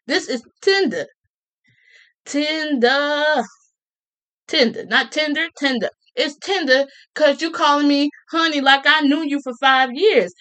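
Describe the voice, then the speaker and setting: A woman ranting casually to her viewers, sassy and animated, with colloquial speech, repeated words and mocking quoted voices. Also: high voice, measured pace. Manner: colloquial, with many restarts and repeats. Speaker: vlogger. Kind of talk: casual rant to camera.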